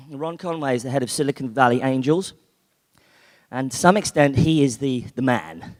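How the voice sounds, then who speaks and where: A British man gives a chatty conference keynote at a moderate pace, his medium-pitched voice lively in intonation. He leans on fillers and restarts, and the hall lends long reverb to the recording.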